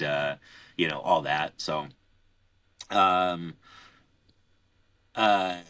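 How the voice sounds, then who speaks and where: With a low, slightly bright voice on a dry recording, this young podcast co-host chats casually. His storytelling rambles, cluttered with fillers and restarts.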